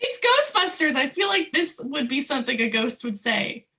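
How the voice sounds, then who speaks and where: A woman's voice: high voice, animated, normal speed, creaky, bright, forceful tone. A woman playing a tabletop game, giggly and playful. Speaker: player.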